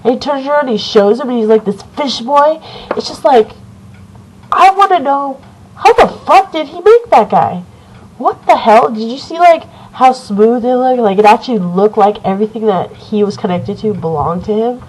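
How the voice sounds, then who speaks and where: Woman rambling thru a horror movie review, excited, cusses a lot, says like and you know nonstop. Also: a little high, normal speed, slight background noise, low-quality recording. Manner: rambling, excited, swears a lot, many fillers. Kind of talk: casual video review.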